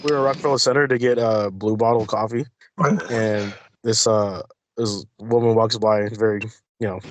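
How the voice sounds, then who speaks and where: A man's voice: on the low side, fairly even intonation, normal speed, dry recording, muffled recording. A man in casual podcast chat, trading jokes and anecdotes.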